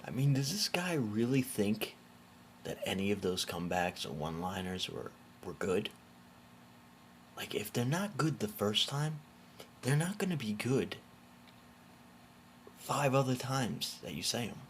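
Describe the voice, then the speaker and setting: A man's voice: lowish voice, sing-song, measured pace, long pauses, a little hiss or hum. A man hosting a casual commentary video, talking in a sarcastic, incredulous way.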